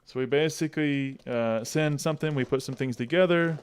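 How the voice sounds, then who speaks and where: A man's voice: medium pitch, brisk, smooth. A middle-aged man hosting a casual unboxing chat, upbeat and chatty, laughing often. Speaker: channel host.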